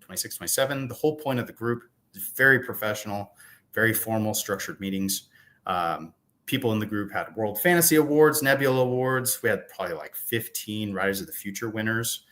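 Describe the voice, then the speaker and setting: A man in his thirties talks casually as a guest author over a video call. His voice sits low but bright and forceful, and he keeps slipping in self-deprecating jokes. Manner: joking, self-deprecating, chatty. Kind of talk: casual interview chat.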